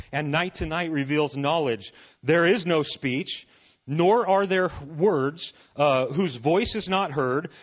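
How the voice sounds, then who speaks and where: A man preaching a sermon, reading scripture and making casual, animated asides to his listeners. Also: fairly high pitch, dull audio. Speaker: pastor.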